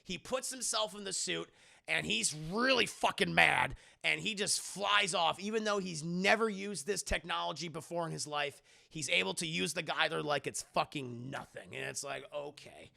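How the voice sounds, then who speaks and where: Bright, gravelly-voiced man reviewing a film. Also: a little high, moderate pace. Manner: profane, joking, recaps scenes loosely. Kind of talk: casual spoiler review on a live stream.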